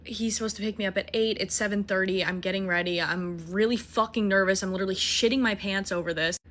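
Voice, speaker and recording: Bright-voiced young woman telling a story. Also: medium pitch, fast. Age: young adult. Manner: animated, profane, self-mocking. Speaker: storytime TikToker. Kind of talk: casual storytime monologue.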